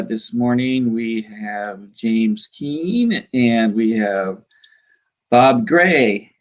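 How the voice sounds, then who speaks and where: Slow-talking man hosting a video chat. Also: mid-range voice, poor audio. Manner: slow, searching, with fillers. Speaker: host. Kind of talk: casual video-call chat. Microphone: video call.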